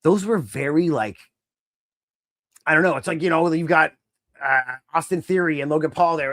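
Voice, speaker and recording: Animated man with dry close sound. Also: a little high, fast talker, dry recording. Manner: animated, acts out wrestlers' lines in mimicking voices. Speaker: podcast co-host. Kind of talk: casual wrestling chat.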